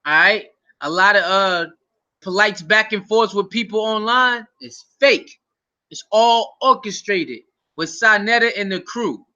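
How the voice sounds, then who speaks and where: A man hosting his channel, giving excitable, profane reaction commentary. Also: sits high, measured pace, dull audio. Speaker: channel host.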